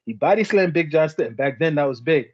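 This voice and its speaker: Guy on a podcast hyping up old stories, kinda high voice, muffled lo-fi audio. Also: fast talker, slightly rough, no echo. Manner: animated storyteller acting out quotes. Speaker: podcast co-host. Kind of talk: casual chat.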